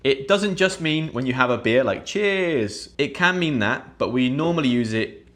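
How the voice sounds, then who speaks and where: A young British man teaching English online in a scripted lesson, acting out example phrases in a higher voice. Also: lively intonation, moderate pace, fairly bright tone. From United Kingdom.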